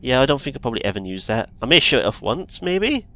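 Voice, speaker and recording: Excitable man commenting on gameplay. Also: mid-range voice, quick pace. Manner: excitable, yelps and chatty asides. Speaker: gaming video host. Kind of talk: let's play commentary.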